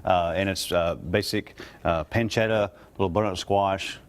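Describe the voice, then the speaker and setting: A man's voice: sits low, fairly even intonation, normal speed. A man, a guest chef, demonstrating a recipe on a morning TV show in a studio kitchen, talking in a rambling way with many fillers and restarts.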